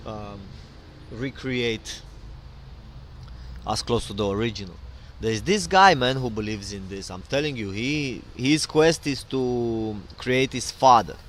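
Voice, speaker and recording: A man's voice: mid-range voice, a bit bright, a little hiss or hum. A middle-aged man hosting his own podcast in a loose, rambling solo monologue full of fillers and digressions. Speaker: podcast host.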